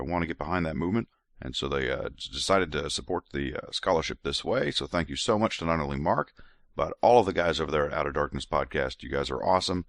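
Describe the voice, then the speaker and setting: Tipsy, gravelly low-voiced male podcast host. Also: a bit bright, dry recording, clean studio sound. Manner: rambling, laughing, many restarts. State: tipsy from drinks. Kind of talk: casual podcast monologue.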